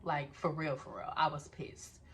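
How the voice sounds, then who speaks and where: A young woman telling a personal story in a casual vlog, talking straight to her viewers, animated and swearing freely. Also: deep voice, a little slow, slight background noise.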